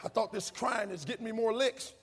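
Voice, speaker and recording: A man in his thirties preaching a sermon, telling stories animatedly and shouting out his mother's lines. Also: sits high, a little fast, slightly rough. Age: 30s. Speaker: pastor. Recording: long hall reverb.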